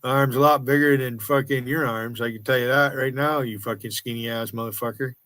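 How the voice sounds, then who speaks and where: A man's voice: medium pitch, steady tone, fairly quick, sharp tone, dry recording. A man in his sixties with an American accent, ranting angrily and profanely on his livestream. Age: 60s. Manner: profane and confrontational. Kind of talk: angry livestream rant.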